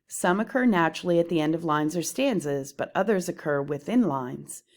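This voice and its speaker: A woman teacher talking through lecture slides on poetry, explaining terms in a slow, deliberate way. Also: low voice, animated.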